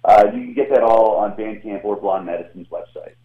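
A man's voice: on the low side, a little fast, roomy sound. Southern man on a tinny phone line. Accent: slight Southern US. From Atlanta, US South. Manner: animated, laughing, self-mocking. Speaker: guest comedian. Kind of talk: casual interview chat.

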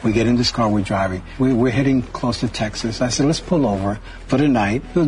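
A man's voice: mid-range voice, fairly quick. Man telling a story from afar. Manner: storytelling, acting out quotes. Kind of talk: telling an anecdote. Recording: distant mic with faint music.

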